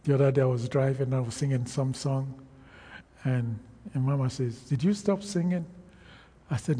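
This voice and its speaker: A man preaching a sermon, slow and emphatic, calling out to the congregation for responses. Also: mid-range voice, warm tone, in a large hall, slight background noise.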